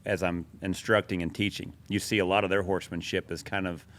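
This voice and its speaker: A man from Oregon, a podcast guest, talks in a calm, reflective way. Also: low voice, fairly quick. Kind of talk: casual interview chat.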